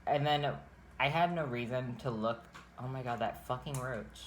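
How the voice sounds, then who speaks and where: An ordinary mid-pitched speaker rambles through a personal story, swearing freely and restarting sentences as the thoughts tumble out. It sounds like an unscripted storytime chat between partners, with a faint hiss of noise underneath. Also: normal speed. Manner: rambling, profane, restarts often. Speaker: storyteller vlogger.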